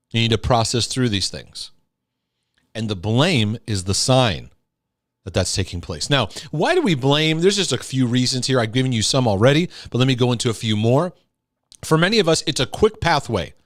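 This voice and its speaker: A man's voice: mid-range voice, fairly bright tone, no room sound, clean studio sound. A man giving an earnest, emphatic teaching talk on healing, sometimes acting out scolding parents. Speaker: Christian teacher and speaker.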